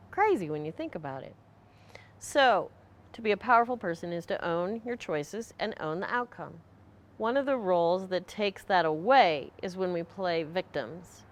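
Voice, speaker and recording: A woman's voice: mid-range voice, fairly bright tone. A woman leading a group, giving a conversational motivational talk and acting out short quoted voices. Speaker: group leader.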